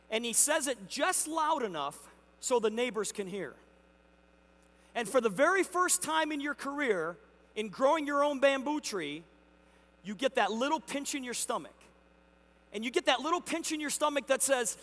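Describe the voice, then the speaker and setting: High-voiced man giving a motivational keynote. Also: normal speed. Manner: energetic, acts out neighbor dialogue in the story. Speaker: company executive speaking at a convention. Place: large convention hall. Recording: hall reverb.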